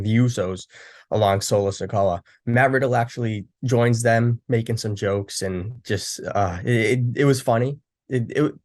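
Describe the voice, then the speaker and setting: A young man casually recapping a wrestling show, rambling with frequent restarts and fillers. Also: medium pitch.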